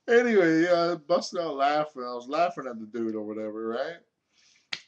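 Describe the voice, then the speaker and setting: A man's voice: mid-range voice, expressive, moderate pace. A young man telling a story from his own life in a rambling, casual way, full of filler words and swearing.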